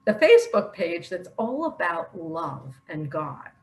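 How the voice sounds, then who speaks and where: An older woman talks from the heart in a personal video, emotional and earnest, often breaking into laughter. Her pitch swings widely while her pace stays slow and drawn out. The room around her is echoey. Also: big pitch swings, a little mellow. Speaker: online religious speaker.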